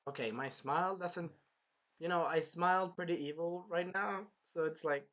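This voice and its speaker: A man with a fairly high voice chats casually while reviewing an anime episode. He talks in an animated way, swears freely and acts out bits of dialogue. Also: moderate pace. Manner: animated, swearing, retells scenes in put-on voices. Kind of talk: casual chat.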